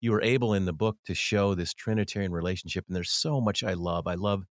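A man hosting a conversational interview, enthusiastic and quick to affirm. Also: low-pitched, no room sound, clean studio sound.

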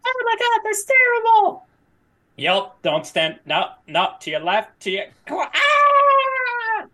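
A man voicing a panicky male tour guide in a poorly done fake Australian accent, breaking into high yelps. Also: animated, measured pace. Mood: panicked. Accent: fake Australian, done badly. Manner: yelps and shouts in high bursts.

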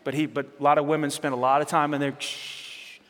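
A male pastor preaching with passion, his voice swinging from loud urgent appeals to soft, hushed words, often repeating phrases as he speaks straight to the congregation. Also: fairly high pitch, little pitch movement, racing, long reverb tail. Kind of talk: sermon.

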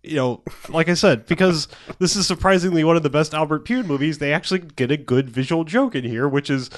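A man with a somewhat high voice recaps a movie in a rambling, profane podcast chat. He laughs often and slips into quick voices for the characters he quotes. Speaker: podcast co-host.

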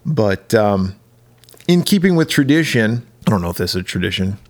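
A man's voice: fairly low pitch, sing-song, moderate pace. A man hosting a podcast in casual chat; he is laid-back, laughs often and swears casually. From United States. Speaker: podcast host.

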